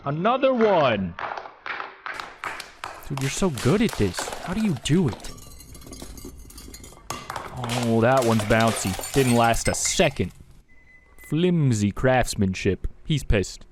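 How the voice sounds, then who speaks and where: A man's voice: mid-range voice, sing-song, slow pace, pauses often, noisy background. A man joking his way through comic reaction commentary on viral videos, playful and exclamatory.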